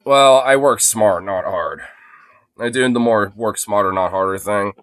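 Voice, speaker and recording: A man's voice: on the low side, measured pace, a bit bright, dry recording. A man chatting casually on a phone livestream, rambling and swearing freely, with lots of fillers. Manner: rambling, profane, heavy use of fillers.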